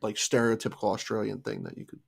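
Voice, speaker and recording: A woman co-hosting a casual livestream chat, relaxed and dry in her replies. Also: rumbling low, fast talker, creaky. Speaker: livestream co-host.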